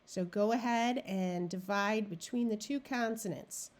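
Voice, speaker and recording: A woman reading tutor giving a phonics lesson, sounding out practice words one at a time and explaining syllable rules. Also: medium pitch. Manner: slow, deliberate, clear word-by-word modeling.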